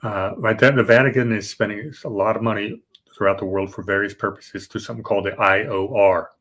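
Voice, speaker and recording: A man's voice: on the low side, fairly even intonation, brisk, a bit bright. A man hosting a podcast, explaining financial history in a casual, rambling way with fillers and restarts. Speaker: podcast host. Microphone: remote podcast setup.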